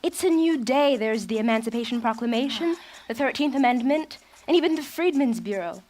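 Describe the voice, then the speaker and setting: A woman acting as a bright, eager young woman who asks polite, curious questions and lays out the facts with keen respect. Her voice sits high. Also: expressive, brisk, close to an everyday voice. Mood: earnest. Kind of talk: stage acting.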